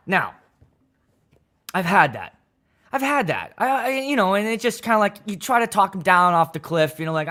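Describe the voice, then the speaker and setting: A man's voice: high-pitched, very animated, a little slow, pauses often, pushed and bright. A man hosting a casual livestream, talking loosely and energetically, greeting viewers and swearing freely. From Pittsburgh area. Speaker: wedding DJ and livestream host.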